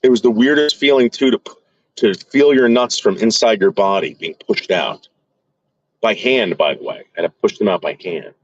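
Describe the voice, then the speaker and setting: A man's voice: on the low side, lively intonation, normal speed, no room sound, muffled recording. A man vlogging to his viewers in a crude, rambling casual monologue full of fillers and restarts.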